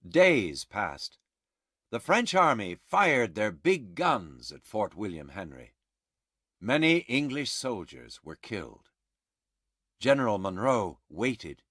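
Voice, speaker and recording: A man narrates a storybook slowly and clearly, his pitch rising and falling with great liveliness. His reading is expressive and unhurried. The recording is dry and close, with no room sound. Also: no room sound. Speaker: audiobook reader.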